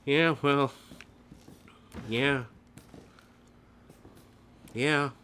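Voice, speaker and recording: A man's voice: medium pitch, steady tone, drawn-out words, sharp tone, slight background noise. A man hosting a horror game let's play, nervous and jumpy, swearing often and cracking self-mocking jokes.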